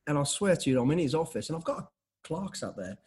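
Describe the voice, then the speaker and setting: A man in his fifties, an interview guest telling blunt, animated stories full of restarts and acted-out dialogue. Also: on the high side, fast, breathy edge. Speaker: interview guest, former special forces soldier. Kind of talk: casual conversational storytelling.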